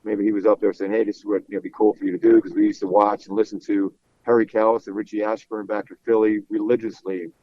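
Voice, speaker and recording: A middle-aged man from Philadelphia, a baseball broadcaster guesting on an interview, telling stories in an animated way and repeating words as he gets going. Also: on the low side, quick pace, no echo. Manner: animated storyteller, repeats words when excited. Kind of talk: casual interview chat. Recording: dull, slightly lo-fi dry sound.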